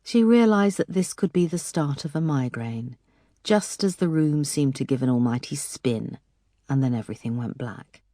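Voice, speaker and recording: A woman narrating a detective thriller audiobook in a measured, dramatic way. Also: low-pitched, expressive, warm tone, no echo, studio quality.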